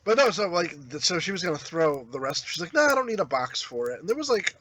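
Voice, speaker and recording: Podcast co-host, man, high bright voice, rambling anecdotes, frequent laughter. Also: big pitch swings, fast, no room sound. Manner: rambling storyteller, laughs often. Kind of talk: casual chat.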